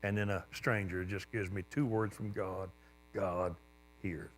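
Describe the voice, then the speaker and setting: Animated preacher telling a story. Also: male voice, moderate pace. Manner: animated storyteller, voice jumping up with excitement then dropping low. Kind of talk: storytelling sermon.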